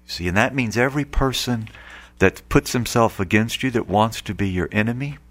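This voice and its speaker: A man's voice: on the low side, moderate pace, fairly bright tone. A man preaching an earnest Catholic radio sermon, rising now and then to emphatic outbursts.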